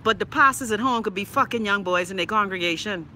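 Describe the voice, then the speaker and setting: Bahamian woman, live-stream host, sassy and profane, bright tone, slightly scratchy throat. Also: medium pitch, quick pace. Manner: sassy, blunt, profane, chatty. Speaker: live-stream host reading viewer comments. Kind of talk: casual live-stream chat.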